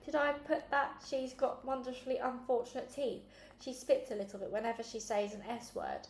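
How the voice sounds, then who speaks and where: Woman reading a kids book out loud, fairly high voice, roomy room with a bit of hiss. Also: normal speed. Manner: lively, acting out every character in turn. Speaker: storybook reader. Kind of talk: reading a children's novel aloud. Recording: roomy room with faint background noise.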